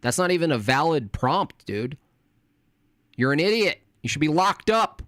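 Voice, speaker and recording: A man's voice: fairly high pitch, sing-song, normal speed, a bit bright, no echo, studio quality. A man streaming live, reading his chat aloud and answering it with sarcastic, combative mockery.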